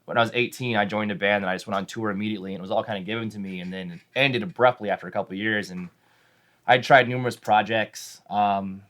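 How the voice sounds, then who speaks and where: Fast-talking low-voiced man telling stories. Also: fairly bright tone. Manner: rambling anecdotes with frequent laughs and acted-out quotes. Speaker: drummer, band member guest. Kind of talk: casual storytelling interview.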